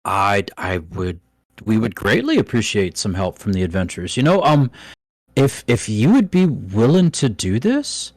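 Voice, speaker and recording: A man's voice: on the low side, sing-song, normal speed, a little mellow, no echo. A man voicing a nervous female dwarf commoner who stammers and hesitates in a tabletop game. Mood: nervous, stammering.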